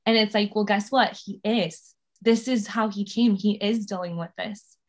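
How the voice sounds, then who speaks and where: A woman's voice: medium pitch, fairly even intonation, moderate pace. Chatty woman guest, candid and upbeat. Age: 30s. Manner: chatty and candid, laughs often. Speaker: podcast guest. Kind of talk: casual interview chat.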